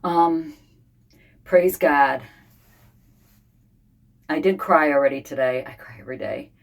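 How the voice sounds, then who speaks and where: A woman in her fifties, unwell and frustrated, talking in a rambling, weary way with many pauses in a casual diary vlog from a home sauna. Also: low voice. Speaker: vlogger.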